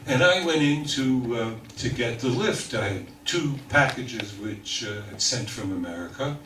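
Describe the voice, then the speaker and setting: An older man tells a funny story in a slow, unhurried way, putting on the voices of the people in it. He is recorded from far off in an echoey room. Room noise and audience laughter are clearly heard behind him. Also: medium pitch, animated. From New York. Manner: wry storyteller, mimics voices in quotes. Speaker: speaker telling stories. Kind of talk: humorous anecdote for a live audience. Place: talk hall with audience.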